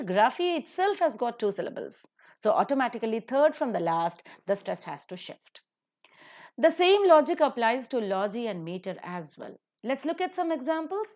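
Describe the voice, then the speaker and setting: A woman explaining pronunciation rules in a recorded slide lecture, spelling out suffixes letter by letter and repeating example words in a clear, deliberate way. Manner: lively pitch with emphatic stresses. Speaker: English pronunciation teacher.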